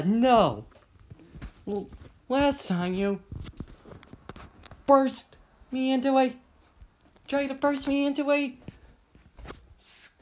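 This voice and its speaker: A storyteller voicing a shy but determined teenage boy who speaks hesitantly and gets flustered. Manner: quiet and hesitant, then high and flustered.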